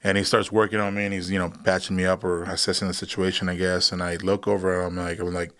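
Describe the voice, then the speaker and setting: A man's voice: sits low, little pitch movement, fast talker, fairly bright tone. A man in his thirties, a guest on a podcast, telling a war story in a casual way, acting out voices and laughing often. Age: 30s. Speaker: guest, combat veteran.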